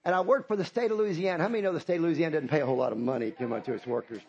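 A man's voice: a little high, racing, a little mellow, husky, muffled recording. A middle-aged man, preaching a sermon as pastor, impassioned and repetitive, calling out to the congregation.

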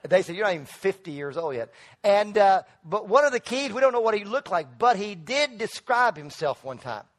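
A middle-aged male pastor preaching a sermon in church, calling on the congregation to answer back and building to loud emphatic peaks. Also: high-pitched, big pitch swings, normal speed. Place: church sanctuary.

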